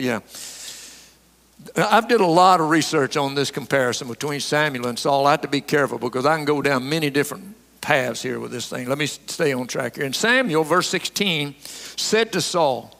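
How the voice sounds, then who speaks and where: A man preaching a sermon, emphatic, climbing high for mocking asides and dropping low and soft when he prays. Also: expressive, moderate pace. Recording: long hall reverb.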